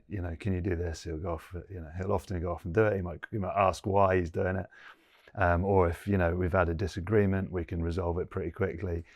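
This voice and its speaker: Low-voiced man, earnest and reflective. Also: a little mellow, no echo, studio quality. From England. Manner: earnest, thinks aloud, many "you know" fillers. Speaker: guest, former rugby player. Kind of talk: reflective interview conversation.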